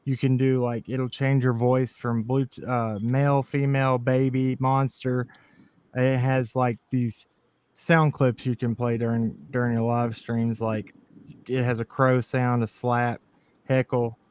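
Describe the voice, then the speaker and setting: Excitable man on a casual stream. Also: mid-range voice, measured pace, smooth. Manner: excitable, laughs often.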